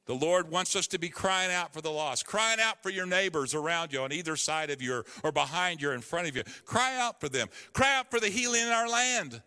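A man's voice: fairly high pitch, expressive, brisk, hardly any pauses, pushed and bright, smooth, long reverb tail. A man preaching a sermon as pastor, building to emphatic calls as he speaks.

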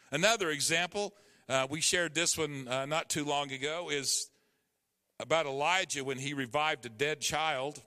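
Bright-voiced preacher in a reverberant hall. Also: male voice, fairly high pitch. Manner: preaching with rising, emphatic calls. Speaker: pastor. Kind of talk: sermon.

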